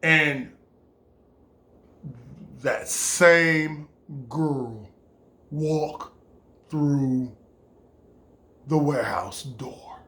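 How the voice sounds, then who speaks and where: High-voiced man telling a rambling story. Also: drawn-out words, pauses often, bright, forceful tone. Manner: rambling, with fillers, restarts and acted-out quotes. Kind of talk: casual personal storytelling.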